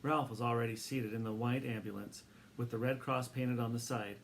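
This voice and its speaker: A man narrating a children's book aloud in a steady, expressive reading voice. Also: mid-range voice, moderate pace, a little hiss or hum.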